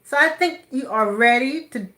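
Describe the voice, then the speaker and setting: A woman's voice: high-pitched, moderate pace, pushed and bright. A woman hosting a casual live stream, chatting and laughing with her viewers. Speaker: channel host.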